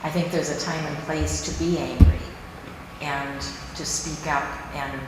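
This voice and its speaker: A woman's voice: deep voice, flat delivery, measured pace. A woman in a book group speaking firmly and plainly. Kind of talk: casual group discussion. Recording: very echoey hall with background noise.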